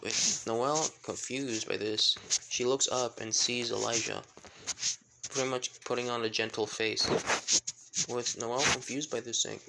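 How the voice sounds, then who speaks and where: A man's voice: medium pitch, steady tone, a little slow, creaky, heavy background noise. A man casually retelling a fan-made story in a rambling way, full of filler phrases.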